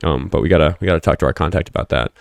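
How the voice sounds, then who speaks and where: A man's voice: extremely low pitch, very fast, gravelly, dry recording. A man hosting a casual livestream, chatting and rambling, swearing freely and snapping back at commenters. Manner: profane, combative toward chat, rambling. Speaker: livestream host.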